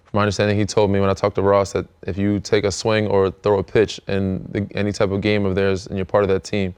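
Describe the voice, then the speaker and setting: A man's voice: on the low side, quick pace, smooth. An American man in his thirties, a podcast host chatting casually with plenty of fillers. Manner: relaxed, rambling, many fillers. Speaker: podcast host, pro basketball player. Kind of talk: casual chat.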